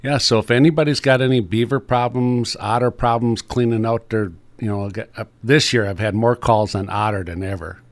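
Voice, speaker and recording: A man's voice: medium pitch, fairly even intonation, fairly quick, hardly any pauses. A middle-aged man, a trapper chatting on the radio in a folksy, rambling way with many fillers. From Upper Peninsula of Michigan. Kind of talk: casual radio chat.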